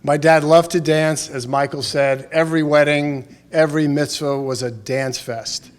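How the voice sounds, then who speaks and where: A man's voice: on the high side, steady tone, moderate pace. A middle-aged man at a podium microphone in a funeral chapel, giving a eulogy full of humorous anecdotes and chuckling through the stories.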